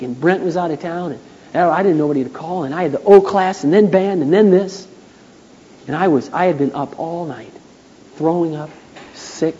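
A man preaching a sermon, telling stories from his life and acting out the voices of the people he quotes. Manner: storytelling, acts out quotes in a high excited voice. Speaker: pastor. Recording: dull 1980s church tape in a reverberant hall.

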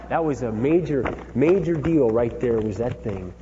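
A man's voice: mid-range voice, expressive, moderate pace, hardly any pauses, warm tone. A middle-aged man telling family stories in an earnest, emphatic, folksy way. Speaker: father giving parenting talk. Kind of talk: personal storytelling talk. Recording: dull lo-fi sound with hall reverb and faint hum.

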